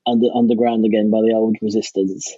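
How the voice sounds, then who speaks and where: A man's voice: fairly low pitch, little pitch movement, fast, dark tone, husky, no room sound. A man co-hosting a podcast in casual, rambling chat, hesitant and full of restarts. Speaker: podcast co-host. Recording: dry, slightly dull lo-fi recording.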